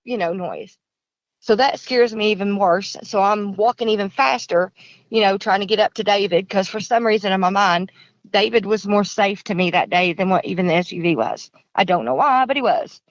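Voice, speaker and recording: A woman's voice: mid-range voice, dry recording, lo-fi sound. A woman with a Kentucky accent, a podcast caller telling her story in an earnest, rambling way that repeats itself. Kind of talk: casual storytelling.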